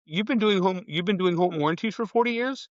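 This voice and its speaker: A man's voice: high voice, brisk, no room sound, dull audio. A man co-hosting a real estate podcast, easygoing and jokey as he reads a disclaimer and banters. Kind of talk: casual podcast chat.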